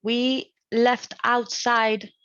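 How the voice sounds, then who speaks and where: A young woman student reading out her prepared phonetics presentation for an exam, explaining in a measured way with a few hesitant fillers. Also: fairly high pitch, level tone, fairly bright tone, clean tone, no room sound. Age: young adult. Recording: dry, dull lo-fi sound.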